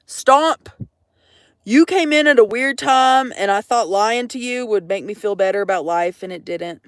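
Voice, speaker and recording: A young woman livestreams from the woods, chatting casually with plenty of jokes and swearing. Her voice sits at medium pitch at a normal speed, and the studio-quality audio has no echo.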